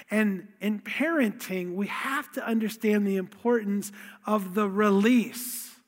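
A man preaching a sermon as a pastor, in a lively, conversational, storytelling way. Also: sits high. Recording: long reverb of a large hall.

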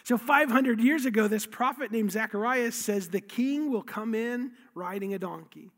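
A man's voice: very high voice, moderate pace, a bit bright. A man preaching a sermon, telling the story with emphasis and repeating key phrases. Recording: long hall reverb.

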